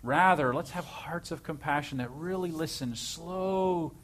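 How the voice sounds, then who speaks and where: A man's voice: a little high, normal speed, fairly bright tone, a little hiss or hum. A man on a panel speaking earnestly and reflectively about counseling, often repeating his key words.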